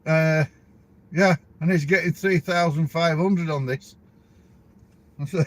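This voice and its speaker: A man's voice: fairly high pitch, fairly even intonation, slow, long pauses. A middle-aged man with a Yorkshire accent, a truck driver talking casually to camera in a rambling, chatty way. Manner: rambling, chatty, laughs between stories.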